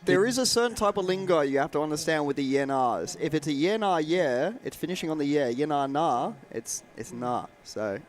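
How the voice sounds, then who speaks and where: A man's voice: fairly high pitch, expressive, a little fast, hardly any pauses. A man giving live race commentary, reeling off positions with dry, teasing humor.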